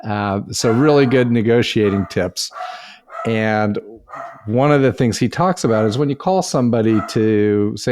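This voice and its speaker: A man's voice: lowish voice, a little slow, darkish tone, slight background noise. A middle-aged man co-hosting a real estate podcast in a folksy, upbeat, joking way. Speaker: podcast co-host. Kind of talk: casual chat.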